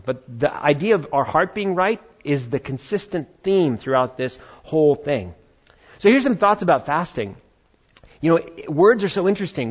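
Lively pastor man, slightly high voice. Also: breathy edge. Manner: conversational, animated, playful asides. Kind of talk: sermon. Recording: dull lo-fi sound.

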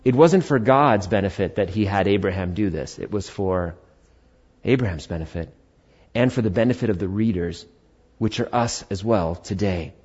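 A man's voice: moderate pace, darkish tone, breathy edge, muffled recording. A male pastor preaching a sermon who reads scripture aloud and then asks and answers questions. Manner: voices imagined objections in a higher voice.

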